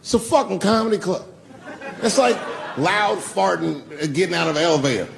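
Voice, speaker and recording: A man's voice: high-pitched, fairly quick, vocal fry, faint music behind, a faint crowd. A man doing live stand-up, telling stories in a loose, profane, conversational way. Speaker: stand-up comedian.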